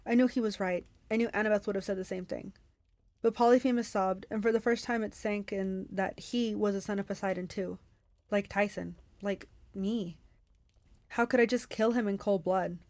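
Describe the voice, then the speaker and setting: A woman hosting a book club, reading a novel aloud expressively with quick self-corrections. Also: mid-range voice, steady tone, darkish tone, no echo.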